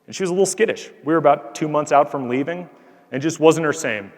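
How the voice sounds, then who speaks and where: A man with a fairly high voice talks quickly, his words echoing through a long hall reverb. He's an Air Force colonel giving cadets an earnest, conversational motivational speech, leaning on "like" often as he recounts a story from his days as a squadron commander.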